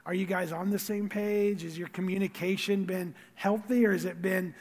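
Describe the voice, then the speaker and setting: A man preaching a sermon as pastor, earnest, repeating words and swinging from loud stress to quiet asides. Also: sits high, steady tone, moderate pace, in a large hall.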